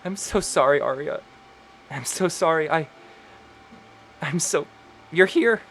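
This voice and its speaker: A man voicing a tearful young woman who keeps apologizing to her sister, his voice raised higher. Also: lively intonation, moderate pace, a bit bright, slight background noise. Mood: tearful, pleading. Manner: sobbing, pleading apologies.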